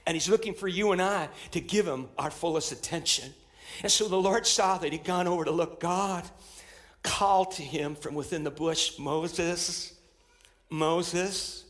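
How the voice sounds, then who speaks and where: A man with a notably high voice preaches a sermon to his congregation. He delivers it emphatically, repeating key phrases and building in intensity as he goes. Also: normal speed, fairly bright tone. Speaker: pastor. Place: church.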